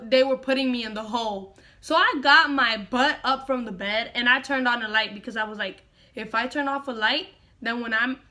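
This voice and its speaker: A woman's voice: a little high, sharp tone. A young woman vlogger dramatically retelling a personal story to camera, repeating lines for effect.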